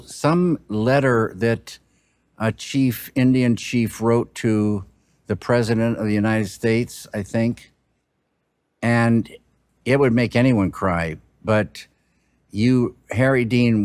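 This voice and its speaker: A film director talking in an interview, thoughtful and halting, breaking off words as he muses. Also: medium pitch, a little mellow, no room sound. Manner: slow, halting, musing, with broken-off words. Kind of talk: reflective interview talk.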